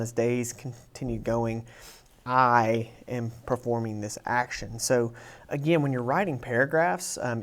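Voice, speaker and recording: A man teaching a writing lesson over slides, talking in a relaxed way with frequent ums and restarts. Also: mid-range voice. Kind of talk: casual lecture over slides.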